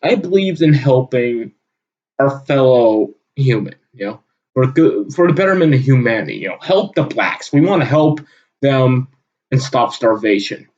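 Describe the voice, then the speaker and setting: A man delivering a heated, profane solo rant with sudden loud bursts. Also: medium pitch, animated, normal speed. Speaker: channel host. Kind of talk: solo ranting monologue. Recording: dull lo-fi recording.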